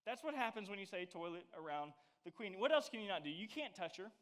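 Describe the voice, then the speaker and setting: A high-pitched male youth preacher tells stories in an animated, playful way. He exaggerates for effect and keeps the tone loose and casual. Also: fast talker.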